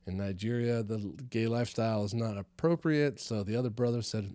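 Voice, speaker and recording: A man's voice: medium pitch, fairly even intonation, quick pace, hardly any pauses, mellow, dry recording. A man hosting a comedy podcast, rambling through the news with lots of fillers and swearing. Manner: rambling and profane, many fillers. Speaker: podcast host. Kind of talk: casual comedy podcast monologue.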